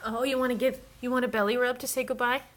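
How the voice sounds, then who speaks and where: A woman's voice: a little high, little pitch movement, fast. A woman hosting a casual livestream, chatting with viewers and cooing baby talk at her cats.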